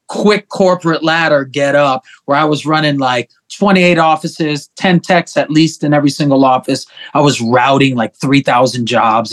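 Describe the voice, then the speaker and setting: A middle-aged man telling stories as a guest on an interview show, animated and profane. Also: medium pitch. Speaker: guest musician. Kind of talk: casual interview chat.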